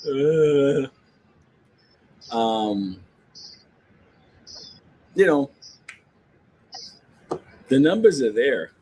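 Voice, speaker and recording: A man holds forth in a loose, profane rant, joking and laughing as he talks about the market. His voice sits at an everyday middle pitch. A faint background hiss runs under the recording. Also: a little mellow, poor audio. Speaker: stock market commentator.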